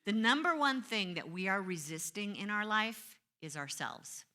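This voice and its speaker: Bright-voiced woman minister preaching. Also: mid-range voice, expressive, normal speed. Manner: conversational, self-mocking storytelling with acted-out complaints. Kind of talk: sermon.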